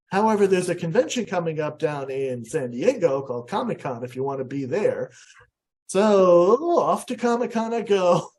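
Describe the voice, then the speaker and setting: An American man giving a storytelling presentation, animated and jumping up high in pitch when he acts out what people said. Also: a little slow. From USA. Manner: animated, acts out quotes with big pitch jumps. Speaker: guest speaker.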